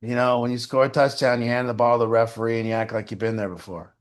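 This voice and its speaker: A man giving casual recovery advice, animated and profane, with many fillers. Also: medium pitch, quick pace. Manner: animated, swearing, frequent "you know". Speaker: recovery mentor.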